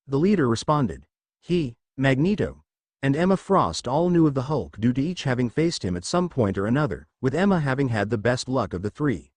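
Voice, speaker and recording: Brief: male fan story narrator, animated pitch, dry close sound. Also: normal speed, no echo. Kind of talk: fan fiction reading.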